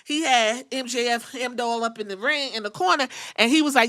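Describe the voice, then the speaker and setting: A middle-aged woman hosting a podcast, recapping wrestling episodes in a casual, animated way, acting out quotes and swearing freely. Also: on the high side, fairly quick, hardly any pauses. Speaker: podcast host.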